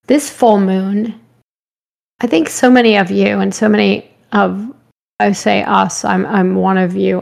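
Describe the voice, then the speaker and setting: A woman hosting a live-streamed spiritual talk, her voice slightly hoarse, rambling gently and greeting viewers by name. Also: mid-range voice. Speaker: spiritual show host.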